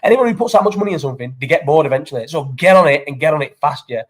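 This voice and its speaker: Young male podcast host, rapid-fire and profane, slightly higher voice. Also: expressive. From Falmouth, England. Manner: sweary, ranting football opinions. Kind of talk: casual live chat.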